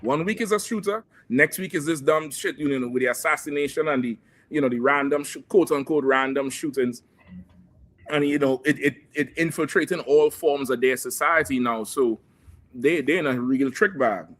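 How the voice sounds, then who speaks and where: A man talking casually on a discussion panel, animated, swearing freely and laughing often. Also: medium pitch, normal speed. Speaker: show panelist.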